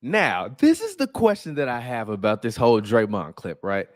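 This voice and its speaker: A man's voice: medium pitch, wildly swooping pitch, normal speed, hardly any pauses, dry recording, clean studio sound. A man hosting a sports podcast, reacting to a clip in casual, slang-heavy, profane trash talk. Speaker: podcast host.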